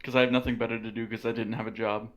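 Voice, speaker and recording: A man's voice: lowish voice, flat delivery, rapid-fire. A man who is a guest on a casual live stream, talking in a playful, teasing way. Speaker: guest co-host.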